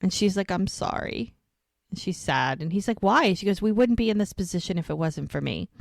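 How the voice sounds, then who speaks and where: A woman with a medium-pitched, creaky voice talks quickly on a dry recording. She co-hosts a podcast, casually recapping a TV episode in an animated way and acting out the characters' lines.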